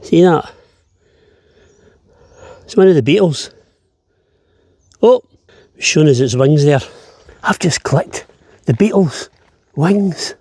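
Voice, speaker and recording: A man's voice: a little high, lively intonation, slow pace, long pauses, darkish tone, no room sound, clean studio sound. A man, a travel vlogger, chatting as he walks an island path outdoors, slightly out of breath on the climb. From Scotland. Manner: chatty, easygoing, jokey. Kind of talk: walking travel vlog.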